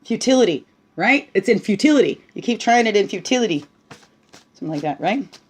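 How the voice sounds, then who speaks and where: A woman giving a casual spiritual talk while reading oracle cards, bubbly and chatty, often tagging on "right?" and slipping into soft, hushed asides. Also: medium pitch, animated, brisk, slightly rough. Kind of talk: casual spiritual teaching monologue.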